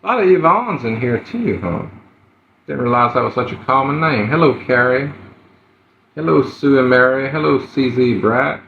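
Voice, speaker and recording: A man hosting a live stream, greeting viewers by name in an unhurried way with fillers. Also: mid-range voice, expressive, vocal fry. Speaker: livestream host. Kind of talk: casual live-stream chat. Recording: roomy, dull lo-fi livestream audio.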